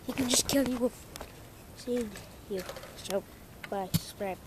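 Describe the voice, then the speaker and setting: Background noise surrounds a young woman vlogger as she films a casual home video. Her voice is fairly high and unhurried, and she swears and shouts at her dog while talking to the camera, clearly playfully exasperated.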